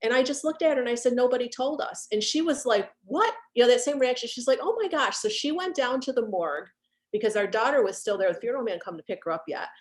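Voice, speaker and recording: A middle-aged woman, a guest on a video call, talking about grief in an earnest, halting way and repeating herself as she remembers. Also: a little high. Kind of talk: heartfelt conversation about grief.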